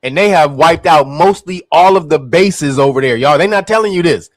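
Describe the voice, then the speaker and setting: High-voiced man in profane, mocking commentary. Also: normal speed, no room sound. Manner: profane, mocking, laughs often, acts out voices. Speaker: commentary host. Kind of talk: casual political commentary.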